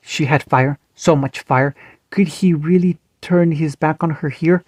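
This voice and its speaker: A man reading fan fiction aloud, steady but with small slips and restarts. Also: fairly high pitch, a little slow, no echo. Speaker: story reader.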